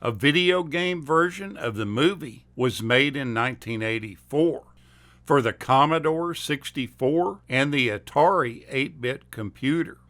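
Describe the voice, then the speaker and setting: A man reads a scripted narration of film trivia, taking his time over each sentence. His voice is bright and sits at an ordinary pitch, and his delivery stays unhurried and steady. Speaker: host.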